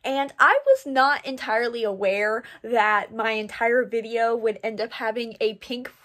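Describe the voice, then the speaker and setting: A young woman chatting through a casual reading vlog, her voice sitting a little high. She talks in an excitable, gushing way about what she reads. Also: a little slow. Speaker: book vlogger.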